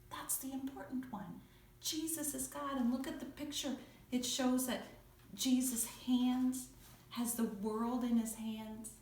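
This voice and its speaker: A woman teaching children in church, telling a Bible story in a playful, expressive way, heard in an echoey room from some distance. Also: high-pitched, a little slow, slight background noise.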